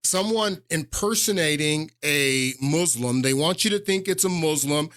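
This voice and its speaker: A man's voice: fairly high pitch, lively intonation, unhurried, a bit bright, dry recording, studio quality. A male podcast host giving casual political commentary, rambling with many fillers and restarts and leaning hard on his points.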